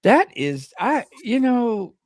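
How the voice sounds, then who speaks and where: A man co-hosting a casual gossip chat, animated and mocking, breaking into impressions. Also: extremely high pitch, slow, dry recording, studio quality. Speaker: co-host.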